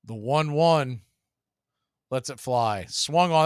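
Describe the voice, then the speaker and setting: A man calling live baseball play-by-play as the show's host, building excitement on big plays. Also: mid-range voice, slow pace, pauses often, clear, resonant tone, dry recording, studio quality. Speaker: play-by-play announcer.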